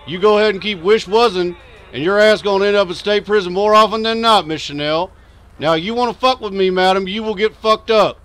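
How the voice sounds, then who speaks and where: A man's voice: high-pitched, brisk, fairly bright tone. A man playing a stern, profane state trooper in a game role-play, formal and lecturing. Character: stern, foul-mouthed male state trooper. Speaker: streamer playing a police officer.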